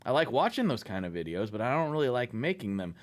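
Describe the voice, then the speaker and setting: A man in casual podcast chat with an ordinary mid-range voice and a friendly, conversational flow. He tells stories in an animated way and drops into quick acted-out bits of his own thinking. The pace shifts freely as he talks. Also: medium pitch. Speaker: podcast host.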